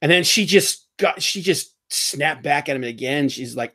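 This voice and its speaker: A man with a slightly high-pitched voice chats casually about movies and celebrities on a podcast. He rambles, restarts his sentences and laughs as he mocks what he describes. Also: moderate pace, husky. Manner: rambling, animated, laughs while mocking. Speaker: podcast host. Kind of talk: casual pop-culture chat.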